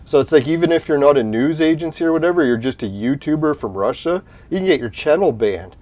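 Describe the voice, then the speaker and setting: Quick and animated, a man with a higher-leaning, darkish-toned voice talks straight to the viewers in his livestream chat. He rambles casually, curses, and laughs at the points he makes.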